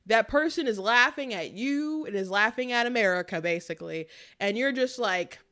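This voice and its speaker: A young adult woman hosting casual political commentary, talking chattily with quick asides and frequent laughter. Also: a little high, expressive, sharp tone.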